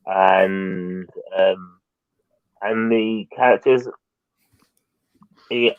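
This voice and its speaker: A man with a slightly low voice gives a halting, casual review on a podcast. He is heard over a remote link that sounds tinny and narrow, like a phone call. The sound is dry, with no room echo. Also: steady tone. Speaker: podcast host.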